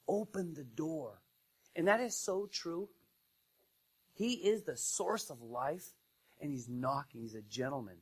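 A man preaching a sermon in an easygoing voice of middle pitch. He talks like he is chatting with the congregation, then punches key lines loudly before falling to a near hush. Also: expressive, a little slow, rough recording. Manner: conversational preaching, swings from loud emphasis to hushed asides. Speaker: pastor.

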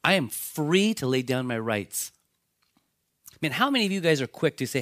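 A male pastor preaching with a slightly raised pitch, recorded dry and close. He tells Bible stories with animation and drops into the characters' voices. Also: normal speed, no echo. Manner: animated storytelling, acts out voices of biblical characters. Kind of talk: sermon.

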